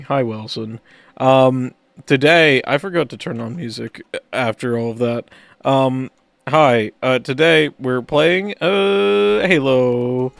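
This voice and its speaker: A man's voice: medium pitch, slow, gravelly, no echo. A man hosting a gaming livestream, goofy and rambling, a little out of breath as he greets his viewers over and over. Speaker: streamer hosting a game livestream. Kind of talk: casual stream chat.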